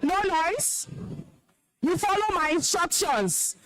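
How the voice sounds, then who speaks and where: A woman's voice: high-pitched, very animated, measured pace. A young Nigerian woman, an alumna, gives a stern, emotional talk to schoolchildren, commanding and scolding them. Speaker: alumna speaker at school event. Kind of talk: stern address to students.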